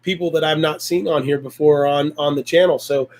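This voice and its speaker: Folksy livestream host, fairly high-voiced man. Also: fairly even intonation, fairly quick. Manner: folksy and effusive, warm praise and blessings. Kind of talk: casual livestream chat.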